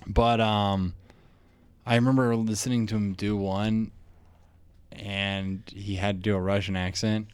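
Low smooth-voiced wry comedian. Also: male voice, level tone, a little slow, dry recording. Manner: wry, teasing asides. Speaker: comedian co-host. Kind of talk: casual chat.

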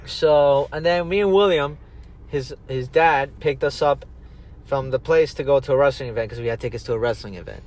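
Swearing freely and quoting others, this young podcast host rambles through stories in casual chat. He speaks at a moderate pace, with a medium-pitched voice of darkish tone.

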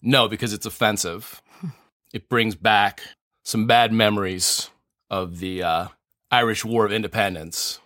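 A man hosting a comedy podcast, talking in a deadpan, jokey know-it-all way. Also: fairly low pitch, a little slow, no echo, studio quality. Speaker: podcast host. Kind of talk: casual comedic chat.

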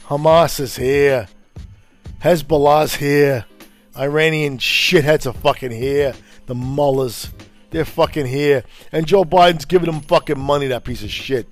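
A man from Brooklyn delivers a furious, profanity-laced rant, his voice pitched a little higher than most men's. He talks in a confrontational way, and faint music plays underneath. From Brooklyn, New York. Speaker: podcast host.

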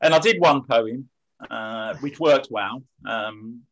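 Male poet and slam host, mid-pitched, loose self-deprecating interview talk. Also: takes it slowly, a bit bright, low-quality recording. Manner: rambling, self-deprecating, frequent restarts. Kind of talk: casual interview chat.

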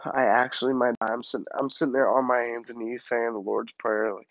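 A man casually telling a comic story about his childhood, in an animated, self-mocking way. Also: medium pitch, fairly quick, hardly any pauses, dry recording, dull audio.

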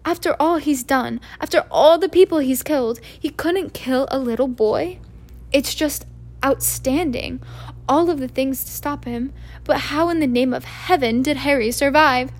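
A woman's voice: sits high, moderate pace. A woman reading an audiobook, voicing a stern older female witch professor with a tense, trembling, emphatic manner. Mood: distressed.

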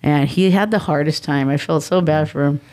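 A middle-aged woman, guest on an interview show, telling family stories in a lively way and acting out the quoted dialogue. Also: sits low, moderate pace. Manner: animated, acts out quoted dialogue. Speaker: guest, mother of the athlete. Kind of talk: casual interview storytelling.

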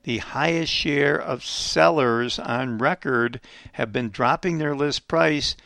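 A man's voice: mid-range voice, takes it slowly, vocal fry, pushed and bright, no room sound, clean studio sound. A man hosting a program, giving an emphatic economic commentary monologue full of rhetorical questions. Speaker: radio program host.

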